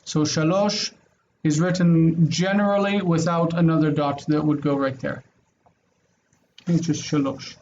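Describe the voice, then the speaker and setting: A man's voice: on the high side, steady tone, moderate pace, darkish tone, lo-fi sound, a little hiss or hum. A man teaching a Hebrew class online, explaining patiently step by step with frequent fillers.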